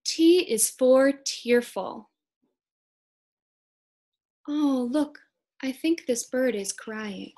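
A young woman in her twenties giving a children's read-aloud lesson, speaking gently and encouragingly to young kids. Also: sits high, expressive, extremely slow, pauses often. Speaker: speech-language pathology student teacher.

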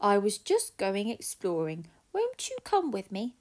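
A woman voicing a calm, gentle big black cat who coaxes softly. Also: medium pitch, a little slow. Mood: coaxing. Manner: soft, coaxing and dreamy.

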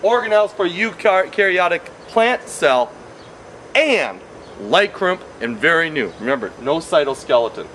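A man's voice: fairly high pitch, sing-song, unhurried, fairly bright tone, a little hiss or hum. A man teaching a science lesson in a chatty, playful way, repeating key points and drifting into tangents. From Wisconsin.

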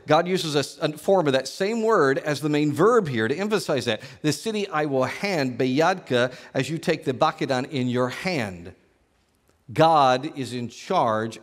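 Animated, joking preacher with a higher voice. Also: male voice. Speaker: lead pastor. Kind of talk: sermon. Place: church sanctuary.

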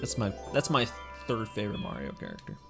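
A man's voice: lowish voice, wildly swooping pitch, a little fast, creaky, music in the background. A young man speedrunning a game on a live stream, chatting casually and making self-deprecating jokes to his viewers.

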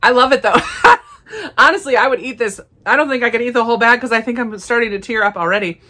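A woman chatting casually as she unboxes and tastes snacks, upbeat and quick to laugh. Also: on the high side, pushed and bright. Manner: chatty, enthusiastic, frequent laughs. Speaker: snack reviewer. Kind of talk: casual unboxing and tasting vlog.

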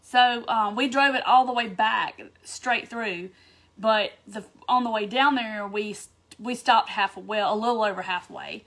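Bubbly high-voiced woman with a stuffy nose. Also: a little slow. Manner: bubbly, chatty, excitable. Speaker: craft livestream host. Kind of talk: casual livestream chat greeting viewers.

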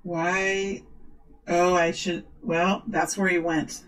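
Excitable tarot reader calling out cards. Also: mid-range voice, slow, rough recording. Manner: excitable, exclaims and gushes. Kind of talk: tarot reading to camera.

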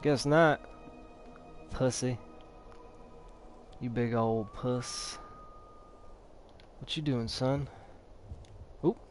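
A man's voice: medium pitch, drawn-out words, long pauses, soft background music. A man hosting a video game let's play, trash-talking and laughing at the enemies he fights. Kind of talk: gameplay commentary.

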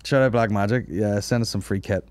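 A man hosting a comedy podcast, rambling and swearing through crude jokes. His voice sits a little low and sounds dry and close to the mic. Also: brisk, darkish tone, no echo. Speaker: podcast host.

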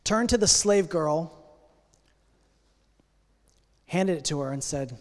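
A man's voice: fairly high pitch, animated, moderate pace, few pauses. Earnest male preacher in a ringing hall. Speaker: pastor. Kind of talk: sermon with storytelling. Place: church sanctuary. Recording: long church hall reverb.

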